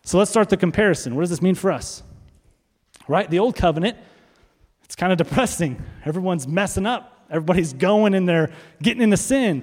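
A man preaching from the pulpit of a church sanctuary, his voice a touch higher than most men's. He leans on rhetorical questions and says key phrases twice for weight. The sound trails off in a long hall reverb. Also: expressive, brisk, a little mellow. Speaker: pastor. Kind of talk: sermon.

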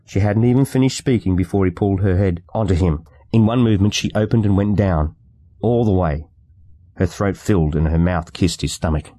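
Brief: low, mellow man reading a novel aloud, steady and measured. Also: no room sound. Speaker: audiobook narrator. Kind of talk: scripted narration.

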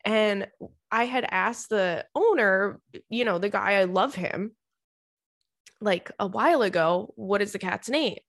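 Her voice is medium-pitched and a little slow as this young woman casually shares funny stories with her viewers on camera. She laughs often, swears freely, and her chatty talk is thick with "girl" and "like".

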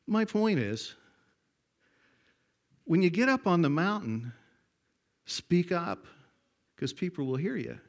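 An older man preaching a sermon, telling folksy stories that swing from hushed to loud. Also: high voice, big pitch swings, slow, long pauses.

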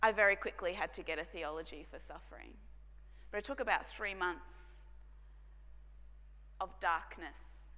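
A woman pastor, telling a personal story in a sermon, earnest and dropping to hushed tones for emphasis. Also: fairly low pitch, measured pace, pauses often. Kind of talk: sermon testimony. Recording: long hall reverb.

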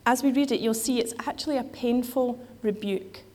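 A woman's voice: a little high, normal speed, mellow. A woman giving a sermon in a conversational way, with frequent fillers and restarts. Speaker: preacher.

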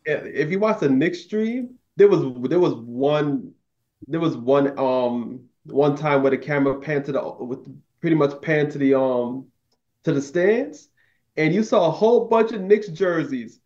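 Higher-voiced man on a dull mic. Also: expressive, unhurried, darkish tone. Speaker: co-host of a postgame show. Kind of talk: casual sports chat.

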